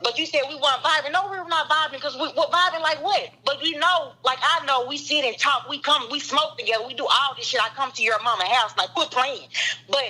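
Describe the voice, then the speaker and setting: Woman in her thirties, high and bright, angry and confrontational podcast guest. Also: fairly quick, low-quality recording. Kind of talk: heated argument on a podcast call.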